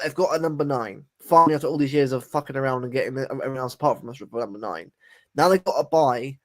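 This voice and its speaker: A man co-hosting a casual football chat podcast, rambling, repeating words and dropping "mate" often. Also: mid-range voice. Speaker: podcast co-host.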